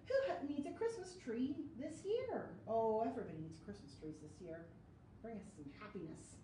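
A woman, a children's librarian, reading a picture book aloud to kids in a lively sing-song way with sound effects. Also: on the high side, normal speed, recorded from a distance, a little hiss or hum. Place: library story room. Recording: echoey room, voice from off-mic.

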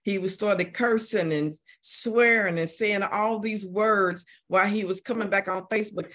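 A woman teaching an adult Sunday school class, telling a story in a lively way with many repeated words. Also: lowish voice, moderate pace, hardly any pauses.

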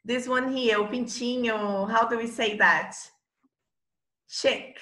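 A woman's voice: fairly high pitch, fairly even intonation, slow, fairly bright tone, echoey room. A woman teaching children a phonics lesson, patient and coaxing, often checking in with short questions.

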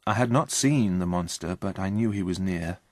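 A man reading a story aloud in a slow, plain and steady way. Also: low voice, dry recording, studio quality. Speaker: reader. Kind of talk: scripted story narration.

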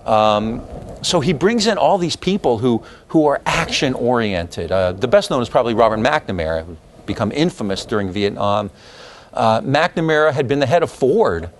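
A man's voice: mid-range voice, expressive, normal speed, slight background noise. A man lecturing a history class in a loose, digressive way, full of fillers and asides.

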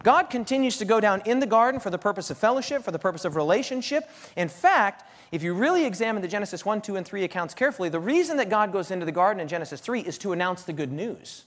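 Man preaching, lively swooping delivery, emphatic repetition, long hall reverb. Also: high voice, quick pace, few pauses. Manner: animated, emphatic, repeats phrases for stress. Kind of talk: sermon. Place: stage with lighting before an audience.

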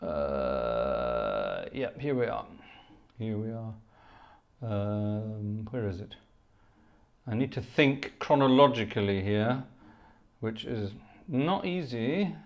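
A man's voice: mid-range voice, lo-fi sound. A middle-aged man with a posh Scottish accent, chatting casually with viewers on a livestream and thanking them effusively. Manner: chatty, effusive, quick thanks like 'gosh' and 'splendid'. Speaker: livestream host and organist. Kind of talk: casual livestream chat reading the chat.

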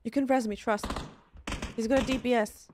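Young girl streamer goofing around mid-game, giggly, slightly high voice. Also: fairly even intonation, background noise. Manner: giggly, quick apologies, playful. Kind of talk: casual gaming stream chat.

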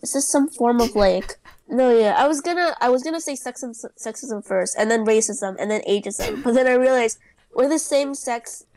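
A young woman with a nasal, stuffy, sniffling voice, joking deadpan while playing a game with a friend. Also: fairly high pitch, normal speed, dry recording, poor audio. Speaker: guest friend. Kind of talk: casual gaming chat.

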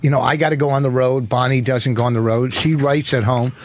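A man's voice: mid-range voice, steady tone, a little fast. Chatty middle-aged man, joking. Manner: chatty, restarts, defensive, joking. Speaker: comedian guest. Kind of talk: casual radio banter.

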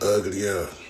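Low-voiced man ranting and trash-talking. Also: a bit bright. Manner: profane trash talk, repetitive slang fillers. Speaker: boxer livestreaming after a fight. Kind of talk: casual livestream rant.

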